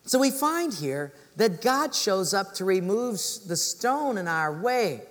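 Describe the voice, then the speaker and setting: A man's voice: sits high, sing-song, slow pace, a bit bright, in a large hall. A man preaching as a pastor, telling stories and acting out the voices of the people in them. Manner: storytelling, acts out voices of people in his stories. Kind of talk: sermon.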